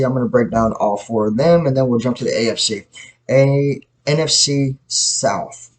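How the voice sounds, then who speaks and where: A man's voice: medium pitch, brisk, low-quality recording. A man hosting his own self-produced podcast, giving blunt, opinionated sports takes in a rambling, casual way with frequent self-corrections. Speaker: podcast host. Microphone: self-produced podcast mic.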